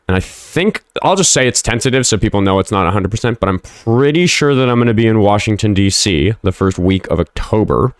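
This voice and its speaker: Man, low voice, casual livestream chat, profane, rambling, dry close sound. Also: clean tone, no room sound. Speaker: livestream host.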